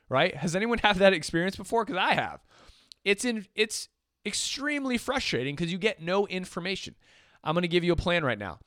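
A man's voice: a little high, animated, fairly quick, fairly bright tone, smooth, no room sound, studio quality. A man teaching jazz swing feel, explaining patiently and counting beats aloud. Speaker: music teacher. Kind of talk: instrument lesson.

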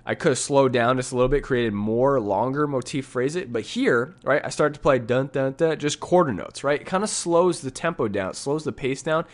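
A man's voice: mid-range voice, animated, a little fast, few pauses. A man teaching, breaking down his recorded piano solo in a casual way, scatting rhythms aloud and often asking "right?", with faint piano under him. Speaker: music teacher. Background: faint piano music.

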